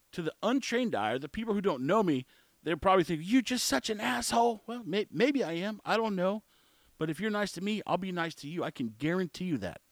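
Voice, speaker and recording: A man's voice: fairly high pitch, dry recording. A man in his forties telling a story in a casual monologue, blunt and opinionated, rambling with restarts. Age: 40s.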